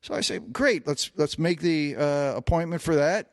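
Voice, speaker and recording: A man's voice: on the high side, normal speed, no echo, clean studio sound. Man telling a story on a podcast. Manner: recounts an anecdote at length, with many fillers and restarts. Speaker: podcast co-host. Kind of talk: casual storytelling.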